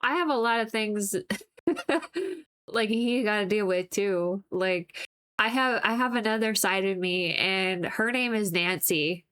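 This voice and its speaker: A woman's voice: medium pitch, slow, fairly bright tone, clean tone. Giggly rambling woman streamer. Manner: rambling and giggly, with many "like" fillers. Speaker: livestreamer painting on stream. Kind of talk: casual chat with viewers.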